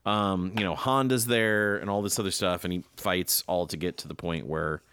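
A man co-hosting a podcast who rambles excitedly through a recap, with many fillers and restarts. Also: low voice, normal speed, smooth, dry recording, clean studio sound. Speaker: podcast co-host. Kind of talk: casual chat.

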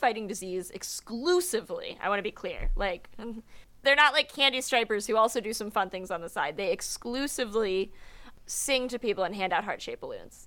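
A woman's voice: mid-range voice, a bit bright. A young woman co-hosting a podcast, chatting casually and enthusiastically about books and laughing often. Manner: giggly, enthusiastic. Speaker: podcast co-host. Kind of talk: casual book discussion.

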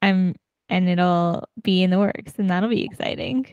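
A woman's voice: lowish voice, fairly even intonation, unhurried, a little mellow, clean tone, no echo, lo-fi sound. A woman co-hosting a podcast, chatting casually and laughing often. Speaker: podcast co-host. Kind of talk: casual chat.

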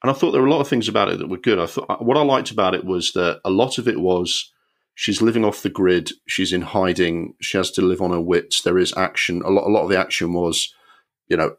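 A man co-hosting a podcast, giving opinionated film reviews in casual chat with frequent restarts. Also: low-pitched. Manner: opinionated, rambling with many restarts. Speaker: podcast co-host.

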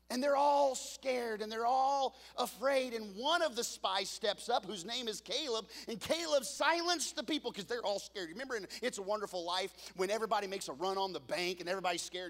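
A man preaches a sermon in a high, lively voice. He tells the story with playful asides to the congregation. His delivery swings from loud, punchy peaks to soft, hushed lows. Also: big-room sound. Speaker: pastor.

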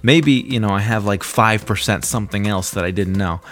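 A man's voice: lowish voice, normal speed, a bit bright. A man co-hosting a podcast, talking casually and joking, with hesitant, restarting phrasing. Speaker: podcast co-host.

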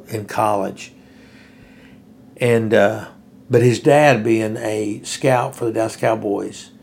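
A man with a low, gravelly voice holds forth in an unscripted commentary. He rambles earnestly, stopping to restart his sentences and filling the pauses with "uh." It sounds like a host thinking out loud for his listeners. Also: a little hiss or hum. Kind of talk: casual spoken commentary.

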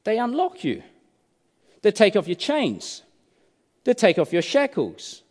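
A man's voice: high-pitched, huge pitch swings, slow pace, long pauses, darkish tone. A male preacher giving a sermon, telling a story dramatically and asking many rhetorical questions. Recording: reverberant hall.

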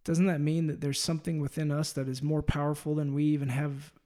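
A man hosting a faith-based interview, speaking in an earnest, heartfelt way with frequent halting restarts. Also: on the high side, level tone, dark tone. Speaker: podcast host.

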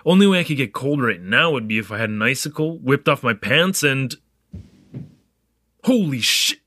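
A man's voice: mid-range voice, moderate pace, a little hiss or hum. A man playing a chatty young newcomer. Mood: curious. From Canada. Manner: animated, joking, wandering asides. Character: young male newcomer keeping a spoken diary, curious, chatty. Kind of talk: audio drama narration.

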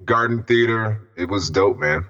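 Bright-toned laid-back co-host. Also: male voice, fairly low pitch, a little slow. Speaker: podcast co-host. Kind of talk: casual podcast chat. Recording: dull lo-fi sound.

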